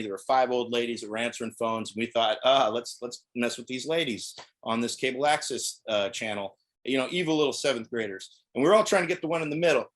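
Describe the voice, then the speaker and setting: A middle-aged man doing a stand-up set on a video call, rambling with many restarts. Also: mid-range voice. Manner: rambling, self-interrupting delivery. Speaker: stand-up comedian.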